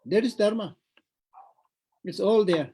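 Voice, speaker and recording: Husky-voiced Tibetan man teaching dharma. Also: sits high, a little slow, warm tone, low-quality recording. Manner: discursive, repeats words, frequent "you know". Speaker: Buddhist teacher.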